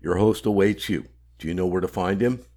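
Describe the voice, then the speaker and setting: A man voicing a gruff, guarded male underground contact who speaks curtly and drops to a hiss when he lowers his voice. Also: brisk, dark tone, lightly acted.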